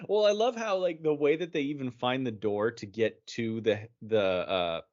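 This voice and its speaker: A man's voice: medium pitch, moderate pace, a little mellow. Agreeable man with a dull lo-fi sound. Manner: supportive, frequent laughs and short agreements. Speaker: podcast co-host. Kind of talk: casual chat.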